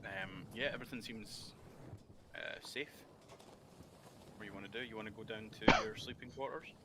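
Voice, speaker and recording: A man narrating as game master over voice chat, relaxed, with lots of ums and uhs. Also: fairly low pitch, moderate pace, heavy background noise. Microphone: computer mic on voice chat.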